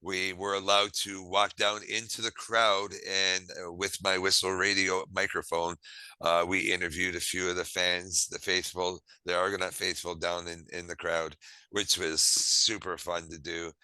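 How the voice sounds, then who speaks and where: A man telling stories in a casual chat, lively and acting out the dialogue. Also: deep voice, moderate pace, clean tone, no echo, rough recording. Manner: lively, acts out quoted dialogue; self-described quirky. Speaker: podcast host. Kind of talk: casual storytelling.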